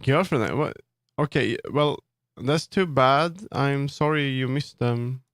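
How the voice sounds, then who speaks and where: A man's voice: mid-range voice, slow pace, a bit bright, dry recording, clean studio sound. A man streaming live, answering his viewers' chat while he works on 3D models, firm and earnest when he sets limits. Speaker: livestreamer and 3D model customizer. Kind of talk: casual livestream chat, answering chat.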